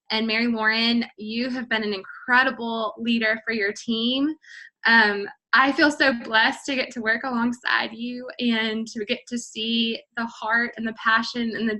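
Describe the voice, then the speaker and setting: A woman, a health coach and nurse practitioner, praising a teammate in gushing, quick bursts on a call. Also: a little high, bright, forceful tone, low-quality recording. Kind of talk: casual team call talk.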